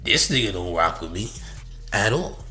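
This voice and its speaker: A man's voice: low-pitched, sing-song, normal speed, sharp tone, soft background music. A man hosting a reaction commentary, mocking and slangy, laughing often between remarks. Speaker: commentary host.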